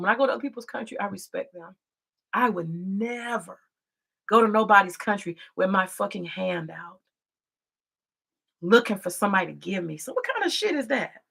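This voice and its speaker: A woman's voice: medium pitch, gravelly, a bit bright, slightly rough. A woman from the United States giving profane, confrontational vlog commentary in a preachy manner.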